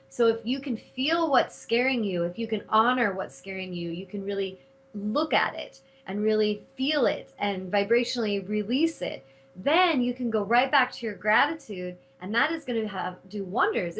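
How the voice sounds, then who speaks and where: Woman, middle-aged, spiritual talk-show host, animated and casual, fairly high voice. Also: poor audio. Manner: animated, casual, swears when retelling anger.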